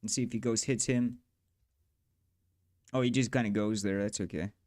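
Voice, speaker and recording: This casual devlog narrator has a fairly low, steady voice and a moderate pace. As he describes his game development work, he grumbles profanely at the software, clearly exasperated.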